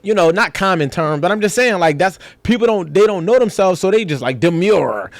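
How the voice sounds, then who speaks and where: A man with a Philadelphia accent, with a high voice and a quick, rapid delivery. He talks in an animated, profane street style on a podcast and acts out the people he quotes. The sound is dry and close. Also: dry recording. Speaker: podcast guest. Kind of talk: casual podcast conversation.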